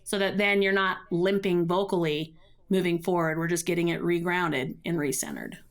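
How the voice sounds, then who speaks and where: A woman's voice: fairly low pitch, steady tone, normal speed. A middle-aged woman, a vocal coach, explaining voice care in a podcast interview. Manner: explanatory, uses running metaphors.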